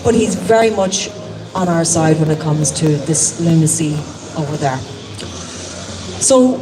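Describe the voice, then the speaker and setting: A woman from Ireland with an Irish accent, giving an earnest public speech outdoors, pausing often with ums. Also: on the low side. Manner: earnest, halting with many ums. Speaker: rally speaker. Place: outdoor public speaking event. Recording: distant mic with loud street noise.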